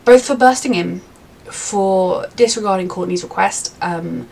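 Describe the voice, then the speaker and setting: A woman's voice: mid-range voice, a little slow, gravelly, darkish tone. A young woman reviewing a TV episode in a chatty, rambling way, with many fillers. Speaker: TV reaction reviewer. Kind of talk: casual reaction review.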